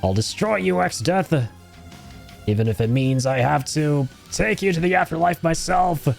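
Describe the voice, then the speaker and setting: A man voicing a stubborn old warrior grandfather from a video game, with gruff, defiant delivery. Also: on the high side, animated, unhurried, soft background music, pitched above the performer's own voice.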